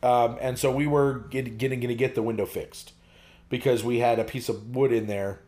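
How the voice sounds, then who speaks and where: A man's voice: mid-range voice, fairly even intonation, normal speed, darkish tone. Easily amused man on a podcast. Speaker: podcast co-host. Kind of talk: casual chat.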